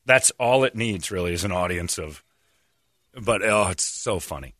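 A man hosts a radio show at a moderate pace, recorded dry with clean studio sound. He's animated and laughing as he jokes through casual comedic banter, jumping into mocking high-pitched voices when quoting people.

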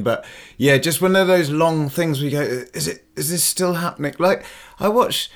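A man's voice: fairly high pitch, brisk. A man hosting a podcast, chatting casually in rambling anecdotes with quoted asides. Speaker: podcast host.

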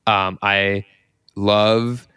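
Excitable man hosting a podcast. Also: on the low side, extremely slow, smooth, dry recording, clean studio sound. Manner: excitable, rambling, many fillers and restarts. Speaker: podcast host. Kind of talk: casual podcast chat.

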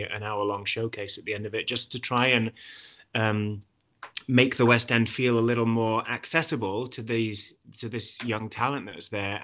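A man's voice: fairly low pitch, fairly bright tone. A man from Wales in his forties with a generalized British accent and a light Welsh touch, a guest actor chatting casually and often restarting his sentences. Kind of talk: casual interview chat.

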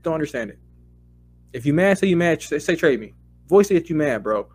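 A man co-hosting a casual sports podcast, heated and profane, his voice climbing into loud rants. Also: fairly high pitch, animated, fairly quick, breathy edge. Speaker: podcast co-host.

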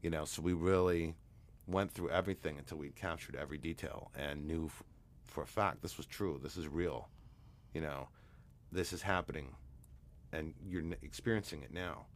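A man, a hypnotherapist guest, telling a long anecdote in a relaxed, rambling way with many fillers. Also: a bass voice, normal speed. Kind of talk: storytelling interview talk.

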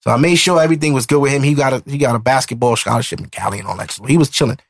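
A man in his thirties hosting a podcast, telling a personal story in an emotional, animated way. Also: mid-range voice, rapid-fire, creaky. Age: 30s. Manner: emotional, animated retelling with acted-out quotes. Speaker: podcast host. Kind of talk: casual storytelling chat.

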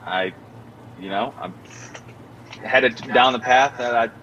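A man's voice: slow, muffled recording, a little hiss or hum. Young man telling a story, full of "like". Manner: animated storyteller, many filler "like"s, acts out quotes in a higher voice. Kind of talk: casual storytelling chat.

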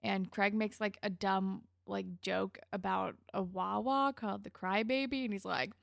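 A woman's voice: mid-range voice, fairly even intonation, unhurried, creaky, fairly bright tone, no echo, studio quality. A woman co-hosting a podcast, recapping a TV episode in casual, chatty talk full of "like" and the odd laugh and swear word. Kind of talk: casual chat.

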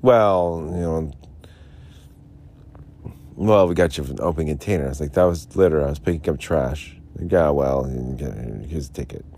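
Outdoors and homeless, a tipsy podcaster sips beer and rambles through a sarcastic personal monologue about a police ticket, sometimes mumbling. His voice is extremely low and warm, with a little hiss or hum in the recording.

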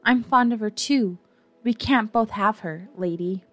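A woman's voice: mid-range voice, a little slow, lightly acted. A woman voicing a boastful, defiant young boy who never grows up, reading him in a storybook. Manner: bragging, defiant.

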